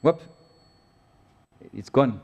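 A man preaching a sermon to his church in a chatty, joking way with animated bursts. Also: drawn-out words, highs cut off. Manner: conversational, jokey preaching with animated outbursts. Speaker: pastor. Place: church auditorium. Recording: long hall reverb.

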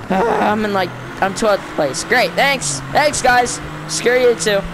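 Slow-talking excitable racing game commentator. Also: mid-range voice. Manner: excitable, swings between frustrated outbursts and muttering. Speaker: gaming channel host. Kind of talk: casual gameplay commentary. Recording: racing game engine noise underneath. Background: car engine and race sounds from the game.

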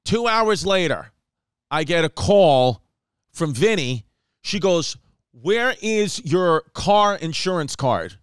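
A man's voice: high voice, clear, resonant tone, no echo, studio quality. A man, a comedian and podcast host telling a rambling story and acting out the people in it. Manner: animated, acts out quotes, rapid run-on storytelling.

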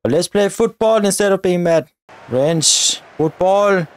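A man giving excitable live commentary on his football video game, often shouting at his players and the referee. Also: high voice, measured pace, clean tone. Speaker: gaming YouTuber.

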